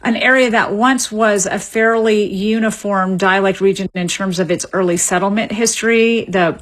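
A woman, a linguist being interviewed on radio, explaining in a measured way with small restarts. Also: medium pitch, a bit bright. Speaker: linguist guest.

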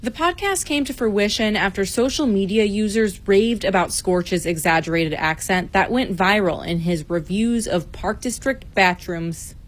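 A woman radio reporter narrating a scripted news feature in a measured, clear read. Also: medium pitch.

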